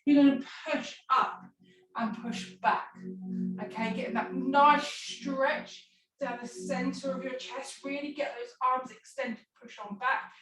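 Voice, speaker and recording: A woman's voice: high-pitched, steady tone, unhurried, a crowd in the background. A woman leading a stretch class, giving playful, encouraging cues. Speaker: fitness instructor. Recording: echoey room, far from mic, music behind. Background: background music.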